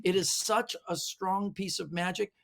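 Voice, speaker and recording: A middle-aged man, a magician guest, telling animated anecdotes with lots of fillers. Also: high-pitched, a little slow, creaky. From Canada. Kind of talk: storytelling interview answers.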